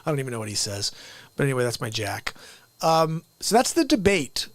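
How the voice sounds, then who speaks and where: A man hosting a live comedy talk stream, talking in an energetic, joking, ranting way into a close microphone. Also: mid-range voice, a little fast, dry recording. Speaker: livestream host.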